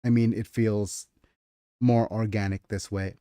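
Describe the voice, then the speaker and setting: A man hosting a casual livestream about his own writing, chatty and quick to correct himself. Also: lowish voice, flat delivery, mellow, clear, resonant tone, no echo, studio quality. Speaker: streamer and author.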